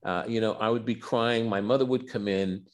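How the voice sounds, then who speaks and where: A man's voice: lowish voice, normal speed. An older man, a physician and author, telling personal stories as a podcast guest, acting out dialogue and often restarting his words. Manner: animated storyteller who acts out dialogue, with repeated starts. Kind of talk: candid interview storytelling.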